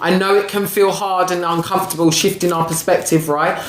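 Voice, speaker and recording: A woman's voice: lowish voice, fairly even intonation, a little fast. A woman giving a live-streamed oracle reading, affectionate, calling viewers darling and sweetie, often asking "right?" and laughing as she talks. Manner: laughs often while talking. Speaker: spiritual reader and coach. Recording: echoey room with faint background noise.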